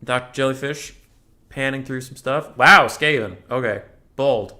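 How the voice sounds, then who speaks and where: A young man casts a strategy game tournament with casual commentary, chatting and joking as he thinks through the matchups out loud. His voice is medium in pitch and sharp in tone, and his pace is measured.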